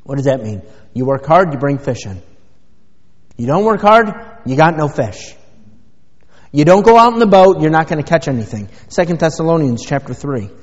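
A man's voice: fairly high pitch, very animated, normal speed. A man pastor preaching a sermon, emphatic and driving his points home with rhetorical questions. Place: church sanctuary. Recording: dull lo-fi sound with long church reverb.

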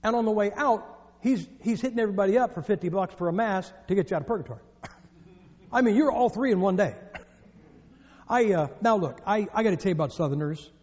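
A man's voice: sits high, expressive, brisk, a little mellow. A man from the northern United States preaching a sermon, telling jokes and stories with emphatic delivery. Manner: joking, storytelling, emphatic. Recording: echoey hall, dull lo-fi.

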